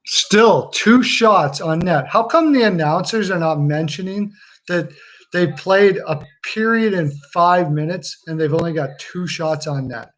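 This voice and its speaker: A man hosting a casual hockey watch-along stream, joking, laughing often and swearing freely. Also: a little high. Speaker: livestream host.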